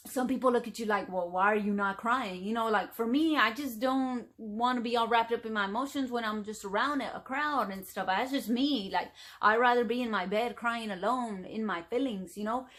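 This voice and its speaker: A middle-aged woman vlogging straight to camera in a loose, rambling way, full of fillers like "you know". Her voice sits a little high for a woman. She wanders from thought to thought in casual chat. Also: brisk, hardly any pauses, fairly bright tone. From United States. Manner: chatty, rambling, frequent fillers.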